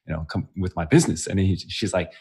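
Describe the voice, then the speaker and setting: A man's voice: sits low, fast, a little mellow, slightly rough. A young man co-hosting a casual podcast chat, telling a story and laughing often. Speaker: podcast co-host.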